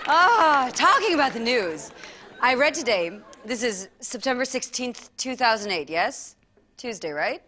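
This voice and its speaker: A woman doing a stand-up comedy act, laughing at her own jokes and filling the gaps with awkward pauses. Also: on the high side, big pitch swings, bright, forceful tone, some chatter behind. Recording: live stage with music and audience.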